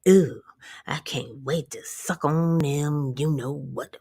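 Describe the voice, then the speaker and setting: A woman's voice: sits low, slow, mellow, husky, pitched below the performer's own voice, heavily acted. A woman voicing a crude adult man on a date, with sleazy, drawling come-ons. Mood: leering.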